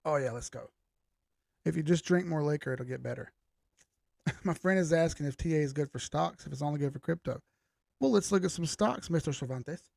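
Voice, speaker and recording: On a casual chart livestream, a gravelly-voiced man jokes and chats loosely while reading comments, speaking briskly in a darkish tone. His voice is a little high for a man, strained and on the verge of cracking. It's a dry, close recording with no room sound.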